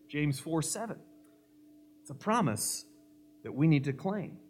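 A man's voice: on the high side, lively intonation, measured pace. A male pastor preaching a sermon, emphatic, mixing scripture with humorous stories.

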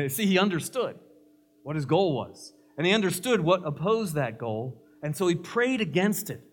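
Male pastor, sermon, slightly high voice, emphatic, story-telling humor. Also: very animated, moderate pace.

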